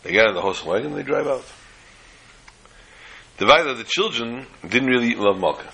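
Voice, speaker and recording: A man telling a folk story in an animated way, slipping in Yiddish phrases. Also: mid-range voice, brisk, gravelly, slightly rough, rough recording.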